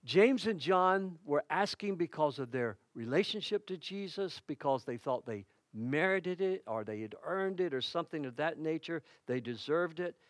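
A middle-aged man preaching a sermon as pastor, telling stories with dramatic punch and dropping to a hushed tone in prayer. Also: fairly high pitch, expressive, normal speed, hardly any pauses, no echo. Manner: storytelling preacher who dramatizes quoted shouts; drops to a soft, hushed tone in prayer.

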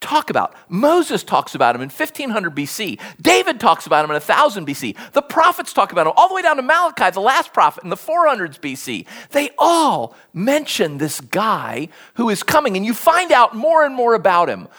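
A preacher delivering a sermon, telling stories in an animated way and acting out quoted speech. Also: medium pitch, brisk, few pauses.

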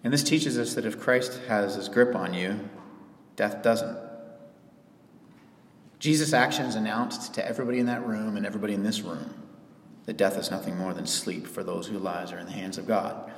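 A man preaching a sermon in a conversational, animated way from a church sanctuary. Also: on the low side, normal speed. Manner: conversational, animated, with quoted asides. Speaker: pastor. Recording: echoey church hall.

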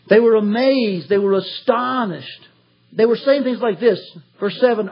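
A man's voice: high voice, husky, highs cut off. A man from Tennessee preaching a verse-by-verse sermon, acting out quotes in a raised voice. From Tennessee, USA. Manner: animated, acts out quotes in a raised voice. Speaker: pastor. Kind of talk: expository sermon.

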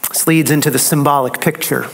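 A man preaching an expository sermon, slow and dramatic, with emphatic repetition. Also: fairly high pitch, steady tone, creaky, a little hiss or hum.

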